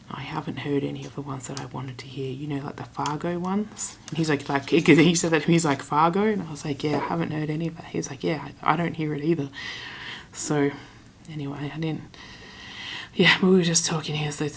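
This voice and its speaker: A young Australian woman chatting casually in a travel vlog, retelling her conversations with quick asides. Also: deep voice, gravelly, a little hiss or hum. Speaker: travel vlogger.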